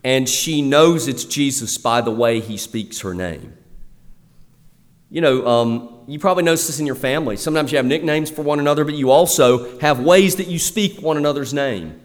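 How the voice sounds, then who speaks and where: A man's voice: mid-range voice, moderate pace. A male pastor preaching a sermon in a conversational way, often restarting with fillers. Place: church. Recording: long reverb of a church hall.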